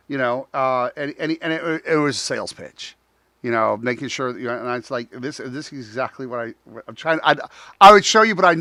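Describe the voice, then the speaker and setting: A man's voice: fairly high pitch, sharp tone, no room sound, studio quality. A man hosting a live talk show, chatting casually and acting out dialogue, laughing often.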